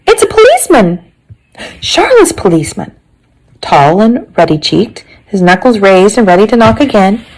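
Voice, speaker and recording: A woman teacher reading a chapter book aloud to her class. Her voice is lively and full of rise and fall, and she breaks off for friendly asides to her listeners. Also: medium pitch, rough recording.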